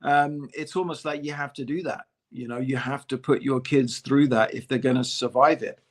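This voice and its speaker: Brief: man, podcast co-host, lively casual talker, mid-pitched, fills with "you know". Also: normal speed. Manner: conversational, animated, many "you know" fillers. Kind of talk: casual discussion.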